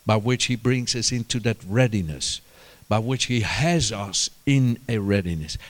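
A man preaching a sermon, telling stories with bursts of loud, rising emphasis and quieter asides. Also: on the low side. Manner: animated storytelling, rises to shouts and drops to quiet asides.

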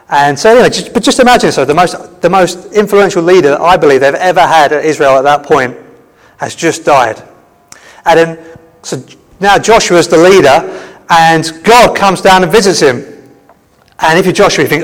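A man preaching a sermon in a conversational, animated storytelling manner. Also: on the high side, brisk, long reverb tail, rough recording.

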